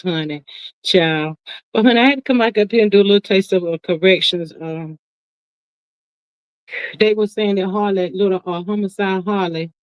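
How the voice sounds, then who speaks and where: In a slightly muffled, dry lo-fi recording with no room sound, a middle-aged woman with a mid-range voice hosts a live stream. She chats casually and folksily, reading viewer comments and calling everyone honey and child, all emphatic, talkative, and prone to drawn-out asides.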